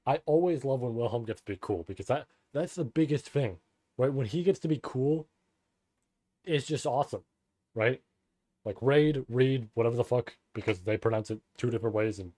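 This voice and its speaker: A man streaming a live read-through of a novel, reading passages and breaking off into casual, profane, excited reactions. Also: medium pitch, normal speed, dry recording.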